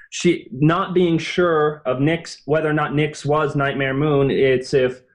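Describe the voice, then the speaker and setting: A man, a guest author in a casual podcast interview, explaining his reasoning in an earnest, think-aloud way. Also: a little high.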